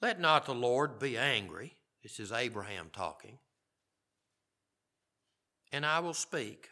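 A man's voice: medium pitch, big pitch swings, takes it slowly, pauses often, pushed and bright. A middle-aged man preaching a sermon, reading scripture aloud and commenting on it in a conversational way. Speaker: pastor.

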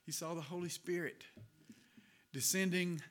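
A man's voice: sits high, fairly even intonation, unhurried, fairly bright tone. A man with a Southern US accent preaching a sermon in a folksy storytelling way, laughing as he goes.

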